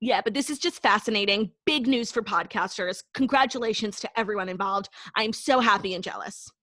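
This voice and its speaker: Frank and casual, this young podcast co-host swears liberally and leans heavily on "like" while discussing pop culture. She speaks a little fast in a medium-pitched, bright voice with a forceful edge, and the recording has no echo.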